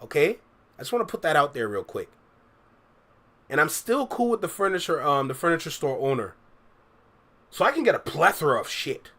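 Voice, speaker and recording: This reaction streamer has a fairly high, sing-song voice with a sharp tone, speaking a little fast but leaving long pauses. The young man chats loosely with viewers on his livestream, slang-heavy, reading and replying to chat messages.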